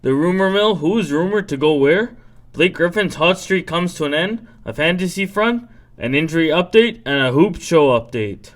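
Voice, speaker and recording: A man hosts a sports podcast, reading a scripted rundown and dropping in casual asides, where his energy sags. His voice is on the high side and expressive, moving at a moderate pace.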